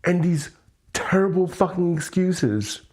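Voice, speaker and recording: Frustrated man venting, higher voice. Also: expressive, unhurried, a little mellow. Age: adult with a child. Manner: frustrated, venting, swearing, repeating himself. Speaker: host. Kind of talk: emotional livestream monologue.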